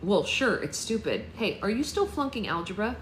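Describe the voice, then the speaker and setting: A woman's voice: mid-range voice, very animated, moderate pace, fairly bright tone, roomy sound, a little hiss or hum, voice pushed up. A woman voicing a dry, teasing teenage boy in a read-aloud book.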